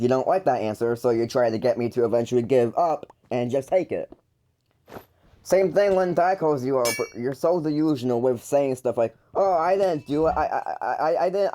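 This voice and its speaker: A man with a dark, mellow voice ranting through a call-out monologue. He trips over his words and restarts constantly, with a mocking, exasperated edge. His pitch sits in a middling range. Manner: rambling, with frequent stumbles and restarts. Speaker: YouTuber calling out his older brother.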